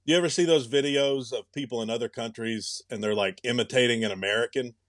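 A man's voice: mid-range voice, fast, a bit bright, no echo, clean studio sound. A young man co-hosting a podcast, chatting casually and thinking aloud with many restarts. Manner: rambling, musing, with frequent restarts. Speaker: podcast co-host. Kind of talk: casual chat.

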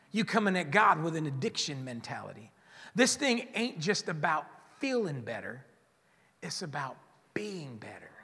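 A man preaching a sermon as pastor in a church, animated and joking, acting out the voices of churchgoers. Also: sits high, husky. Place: church hall. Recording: long church reverb.

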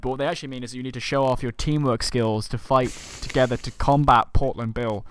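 A man co-hosting a casual comedy podcast, pitching crude jokes with excitable energy. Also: fast talker, hardly any pauses, smooth. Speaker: podcast co-host.

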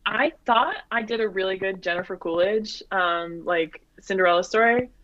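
A woman's voice: mid-range voice, normal speed, fairly bright tone, dry recording. Chatty young woman, dull dry sound. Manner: chatty, filler-heavy, laughs often. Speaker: comedian guest. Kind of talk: casual chat.

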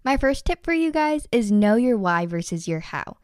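A young woman hosts her own motivational podcast and speaks to her listeners in an earnest, encouraging way. Her voice is smooth and clear. It is recorded close and dry, with no room sound. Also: a little high, big pitch swings, normal speed, darkish tone, no echo. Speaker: podcast host.

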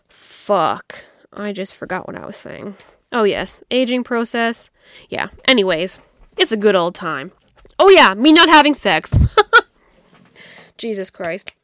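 This podcast host is a young woman at medium pitch, recorded with no room sound. Worn out and yawning, she keeps the talk loose and honest, cursing, laughing, and drinking wine as she goes.

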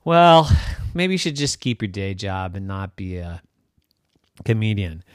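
A man's voice: fairly low pitch, big pitch swings, smooth, dry recording, clean studio sound, pitched below the performer's own voice. A man voicing a touchy, chatty male ghost who rants indignantly about being teased. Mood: lecturing. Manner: rapid, indignant ranting.

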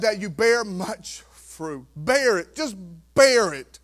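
A pastor preaching a sermon, swinging from quiet asides to loud exhortation and acting out worried churchgoers. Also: male voice, sits high, expressive, a little slow. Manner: acts out worried churchgoers in quoted voices.

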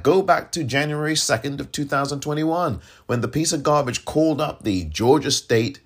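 Fiery, husky-voiced male podcast host. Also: mid-range voice, fairly bright tone. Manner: fiery, exasperated, mocking others in put-on voices. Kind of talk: impassioned political commentary.

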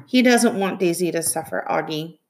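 A woman reading aloud, voicing a gentle mother who speaks softly through her grief. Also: fairly low pitch, moderate pace, soft background music, lightly acted. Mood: sad, gentle. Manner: soft and quiet.

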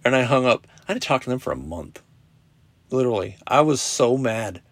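A middle-aged man hosting a podcast, telling a personal story in a casual, profane, animated way with lots of quoted dialogue. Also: mid-range voice, a little fast, dry recording. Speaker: podcast host. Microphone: podcast app recording.

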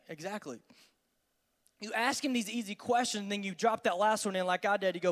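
A man, a student pastor giving an energetic, conversational youth sermon in a large church hall. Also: sits high, brisk. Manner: energetic, conversational, acts out dialogues. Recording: long hall reverb.

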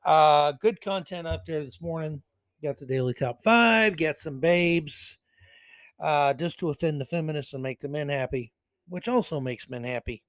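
Sarcastic male podcast host, high voice. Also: moderate pace, no echo. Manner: sarcastic, mocking asides; reads article passages aloud. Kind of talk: political commentary podcast.

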